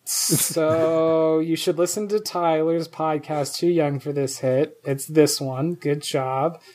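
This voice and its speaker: A man's voice: fairly high pitch, fairly even intonation, takes it slowly, darkish tone. A man co-hosting a casual podcast chat, talking animatedly and acting out the lines he quotes. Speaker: podcast co-host.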